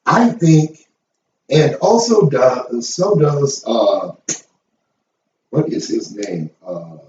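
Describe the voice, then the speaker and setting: A middle-aged man holds forth in a blunt, profane rant, his pitch swinging up and down with emphasis. He sounds set back from the mic. The room echoes around him, and the sound is a little dull. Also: big pitch swings, very slow, mellow, a little hiss or hum. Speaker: host. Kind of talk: opinion rant to camera. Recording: roomy, distant, dull sound.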